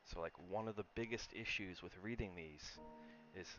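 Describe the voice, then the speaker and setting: A man with a fairly low voice chats casually on a live stream from home, coaxing and talkative. The sound is dull and lo-fi, with music playing clearly underneath. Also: moderate pace, a bit bright. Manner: coaxing, chatty, talks to his dog and to viewers. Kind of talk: casual live-stream chat and reading aloud.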